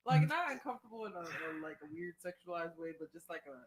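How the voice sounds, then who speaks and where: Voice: medium pitch, expressive, quick pace, a loud crowd. A radio co-host in casual chat, reacting to stories with apologies and bursts of laughter.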